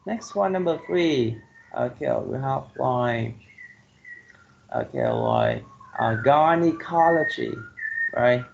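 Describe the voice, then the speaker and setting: Teaching an online English class, a man with a Vietnamese accent speaks in a creaky, sing-song voice of medium pitch. His pace is slow, and nearly every phrase ends with "okay" or "right?" to make sure students follow. The audio is dull, and there's noise in the background.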